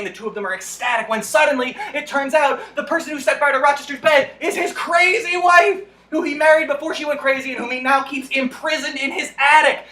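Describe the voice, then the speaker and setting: Rapid-fire sarcastic young man. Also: sits high, bright, forceful tone, echoey room, poor audio. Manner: sarcastic, exasperated, swears freely. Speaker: book-summary vlogger. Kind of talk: fast comedic book summary.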